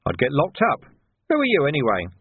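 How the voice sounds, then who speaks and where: A man voicing a weary, angry male watch commander who talks gruffly. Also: medium pitch, wildly swooping pitch, fairly quick, dry recording. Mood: exasperated. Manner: gruff, exasperated. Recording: tinny phone-like sound.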